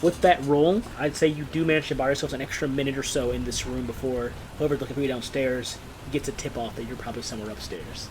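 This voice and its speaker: A man running a tabletop game as game master, describing scenes and calling for rolls in quick, lively narration. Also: medium pitch, noisy background.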